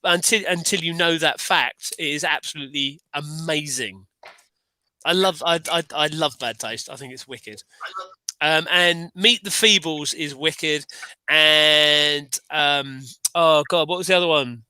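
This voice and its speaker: A man chatting casually on a livestream, enthusiastic and rambling, often restarting his sentences. His voice is bright and forceful, a little high for a man. The sound is dry and close. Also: measured pace, clean tone, dry recording. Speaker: livestream co-host. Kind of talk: casual chat.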